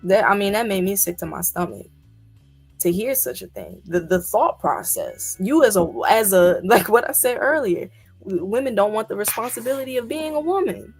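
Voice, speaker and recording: A woman's voice: mid-range voice, expressive, normal speed, husky, faint music behind. A woman guest in a casual discussion, talking emphatically with indignant rhetorical questions. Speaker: guest commentator.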